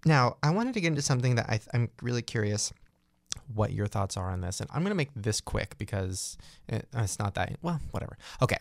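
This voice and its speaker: A man's voice: on the low side, fairly quick, creaky, no echo. A young man hosting a casual chat show, telling a story with lots of energy and acting out the voices in it. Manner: animated, acts out voices in his stories. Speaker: podcast host.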